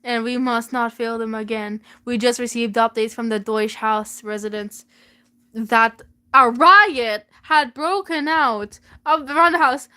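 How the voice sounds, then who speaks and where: Young woman, high voice, slow unhurried delivery, giggly, disbelieving, reading fanfiction. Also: bright, forceful tone. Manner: giggly, incredulous commentary. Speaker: vlogger. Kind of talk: reading her old fanfiction aloud.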